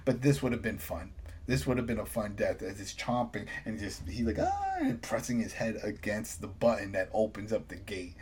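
A man co-hosting a podcast, recapping a TV episode in casual chat, animated and jumping high in pitch when exasperated. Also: normal speed, a little hiss or hum. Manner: animated, rising high when exasperated, voices characters in quotes. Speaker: podcast co-host.

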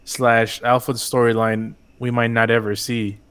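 Relaxed man joining a podcast chat. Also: medium pitch, unhurried, smooth. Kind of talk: casual podcast discussion.

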